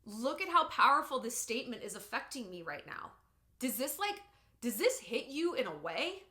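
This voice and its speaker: A woman talks straight to camera with a bright, rather high voice that swings widely in pitch. She gives relationship advice in a casual, sarcastic way. The recording has a roomy echo. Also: moderate pace. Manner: animated, expressive and sarcastic. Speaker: vlogger giving relationship advice.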